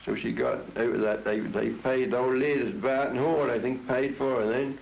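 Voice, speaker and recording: A man's voice: mid-range voice, fairly even intonation, moderate pace, vocal fry, darkish tone. A man in his seventies with a Norfolk accent, reminiscing bluntly in an interview at his home and often repeating himself. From Norfolk, England. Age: 70s. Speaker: interviewee, traditional folk singer. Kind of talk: plain reminiscing in conversation. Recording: dull lo-fi 1962 home tape with hiss.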